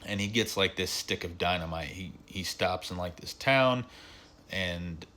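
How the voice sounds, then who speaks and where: Male film reviewer, deep and punchy, loose and filler-heavy delivery, faint background hiss. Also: unhurried, bright, forceful tone. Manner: rambling, filler-heavy retelling with frequent "like" and "um". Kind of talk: casual spoken film review.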